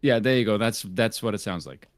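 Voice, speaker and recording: Blunt, low-voiced man from South Africa. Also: a little fast, dry recording. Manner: blunt, laughs often. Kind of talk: casual chat on a live stream.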